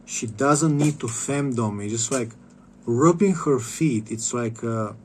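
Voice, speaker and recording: A man's voice: mid-range voice, slow, slight background noise. Rambling, stammering man in a vlog. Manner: rambling, profane, stammering restarts. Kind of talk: casual vlog monologue.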